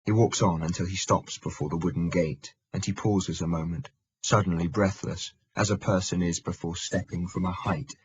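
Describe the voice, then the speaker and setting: Deep husky male audiobook narrator. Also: lo-fi sound. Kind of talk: scripted narration.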